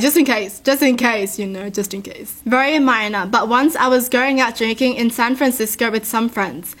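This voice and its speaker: A woman's voice: fairly high pitch, a bit bright. A woman reading stories aloud and adding chatty, earnest asides to her listeners. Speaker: story reader and commentator.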